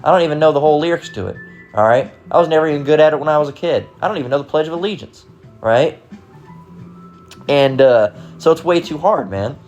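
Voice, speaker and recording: A man's voice: fairly high pitch, animated, quick pace, a little mellow, dull audio, faint music behind. An American man ranting casually in a heated, profane and sarcastic way, often restarting his sentences. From United States. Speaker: vlogger. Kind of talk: casual rant.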